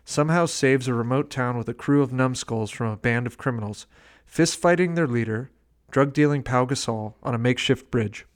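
A man's voice: mid-range voice, moderate pace. A man chatting casually about a movie on a podcast, dryly recounting scenes and quoting lines. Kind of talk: casual movie review chat.

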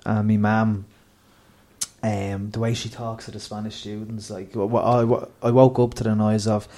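A man's voice: lowish voice, flat delivery, normal speed, warm tone. A man, co-hosting a casual podcast chat and telling rambling, laugh-filled stories. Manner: rambling, storytelling, laughing often. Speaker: podcast co-host.

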